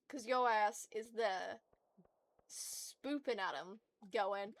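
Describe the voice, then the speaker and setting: A woman streaming to her viewers in casual chat, ranting in an animated and profane way. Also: mid-range voice, slow, pauses often.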